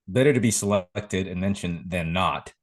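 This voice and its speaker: A man co-hosting a podcast in a casual, measured way, agreeing and filling in the details. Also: low voice. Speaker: podcast co-host.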